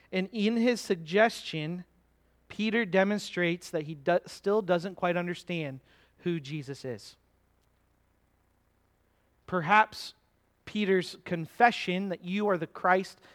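A man preaching a sermon in a conversational way, asking his listeners questions and slowing down to stress words from scripture. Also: a little high, fairly bright tone. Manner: conversational, asks the congregation questions. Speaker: pastor.

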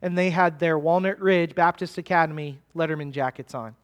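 Male pastor, high voice, emphatic sermon delivery, drawn-out stresses, chatty asides. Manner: emphatic, slowing down to stress key words; conversational asides to the congregation.

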